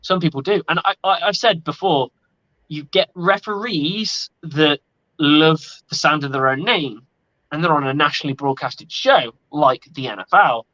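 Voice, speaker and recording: A man's voice: a little high, moderate pace, pushed and bright. Blunt, swearing man on a podcast. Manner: blunt, opinionated, swears freely. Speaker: podcast co-host. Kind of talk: casual sports podcast chat. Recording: lo-fi audio.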